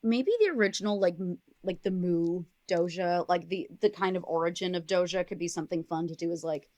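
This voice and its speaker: Podcast guest, woman, lowish voice, dry close sound, rambling riffs full of "like". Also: fairly quick, darkish tone, no echo. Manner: rambling, heavy use of "like", laughs often. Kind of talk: casual brainstorming chat.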